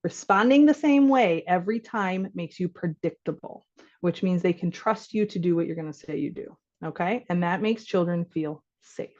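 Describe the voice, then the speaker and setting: A woman's voice: lowish voice, moderate pace, a little mellow, lo-fi sound. A woman physician giving an informal workshop talk to caregivers, conversational and acting out little dialogues.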